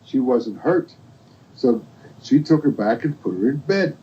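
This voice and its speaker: Older grandpa storyteller, dark husky voice, lively swoops, lo-fi home tape. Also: male voice, mid-range voice, a little slow. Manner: folksy, rambling, gentle. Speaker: grandfather reading to a child. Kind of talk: bedtime storytelling. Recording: dull lo-fi home recording.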